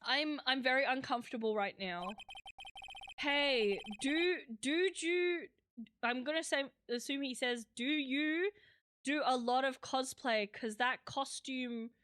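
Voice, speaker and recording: High-voiced young woman streaming a game. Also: slow, fairly bright tone, clear, resonant tone, no echo. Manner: reads game dialogue aloud, flustered and giggly. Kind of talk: live game stream commentary.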